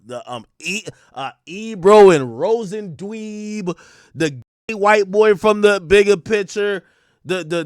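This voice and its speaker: Streamer host, man in his thirties, high lively voice, bragging and cursing, dry close mic. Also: clear, resonant tone, no room sound. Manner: boastful, profane, swings loud and mumbling. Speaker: livestream host. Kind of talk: ranting livestream commentary.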